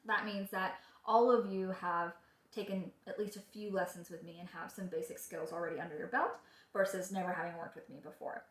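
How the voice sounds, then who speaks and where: A woman's voice: fairly low pitch, steady tone, brisk. A woman in her thirties who trains dogs, giving a friendly, chatty orientation for an online class. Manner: friendly, chatty, with fillers and laughs. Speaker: dog trainer and class owner. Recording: echoey room.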